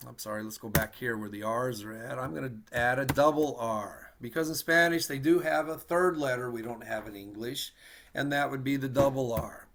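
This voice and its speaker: A man with a mid-range voice leads a relaxed online language lesson. He sounds out words slowly and repeats them so learners can follow along, with easygoing asides between examples. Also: mid-range voice, slight background noise. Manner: patient, slow demonstration of words, easygoing asides. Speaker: Spanish teacher.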